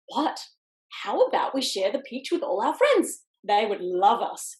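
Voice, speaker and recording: A woman's voice: fairly high pitch, big pitch swings, measured pace, darkish tone, echoey room. A woman reading a picture book aloud to children over a video call, switching between character voices. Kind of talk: storytime read-aloud.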